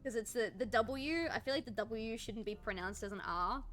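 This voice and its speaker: A young woman chatting with stream viewers while drawing, an animated storyteller who laughs often and pokes fun at herself. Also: fairly high pitch, moderate pace, faint music behind. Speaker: art streamer. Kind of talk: casual chat with stream viewers.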